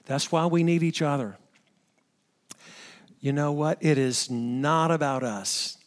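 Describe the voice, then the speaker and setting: A man preaching a sermon to fellow pastors, emphatic, repeating phrases for stress and asking the listeners direct questions. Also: takes it slowly. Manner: swings from soaring high-pitched exclamations to low hushed lines.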